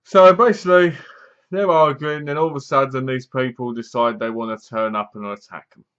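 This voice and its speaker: A man talks through a horror film in a loose, rambling way, full of asides. His voice sits at a middling pitch. The recording is dull and lo-fi. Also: steady tone, brisk, fairly bright tone, smooth. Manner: rambling, chatty retelling with asides. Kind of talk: casual film review.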